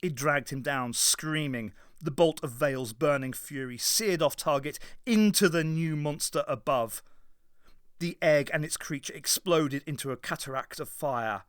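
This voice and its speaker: A man narrating an audiobook in a dramatic, measured reading. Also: a little high, smooth, no echo, studio quality. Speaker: audiobook reader. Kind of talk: scripted narration.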